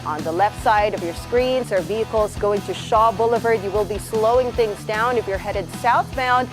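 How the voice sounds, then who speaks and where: A woman co-hosting a morning TV show, upbeat and energetic, also reading a traffic report. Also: medium pitch, normal speed, music in the background. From Philippines. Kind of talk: lively studio banter and traffic report.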